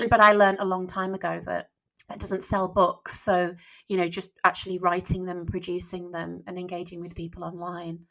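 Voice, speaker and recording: A woman's voice: fairly low pitch, little pitch movement, normal speed, fairly bright tone, poor audio. A woman from England with a Northern English accent, chatting casually as an author guest on a podcast, restarting her sentences often. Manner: chatty, with frequent restarts and laughter.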